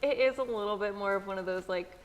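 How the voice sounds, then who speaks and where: A woman's voice: mid-range voice, fast talker. Hesitant woman in an echoey room. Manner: hesitant, says "like" often. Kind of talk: casual chat.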